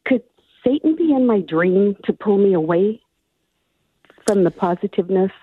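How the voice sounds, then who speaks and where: A woman's voice: mid-range voice, expressive, normal speed, breathy edge. A woman calling in to a radio show, asking her question hesitantly and searching for words. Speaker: caller. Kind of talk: phone-in question. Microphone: telephone. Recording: tinny phone line.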